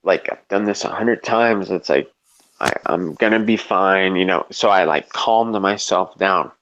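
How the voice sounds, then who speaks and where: A man's voice: deep voice, a little slow, a bit bright, muffled recording. A man telling a long story in casual chat, rambling and profane, full of "like" and restarts. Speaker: storyteller in a live debate chat.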